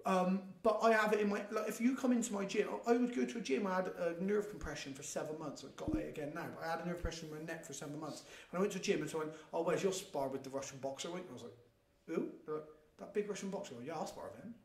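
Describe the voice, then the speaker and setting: A man hosting a podcast, telling blunt, animated stories in casual chat and swearing freely. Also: high-pitched, racing, creaky, reverberant.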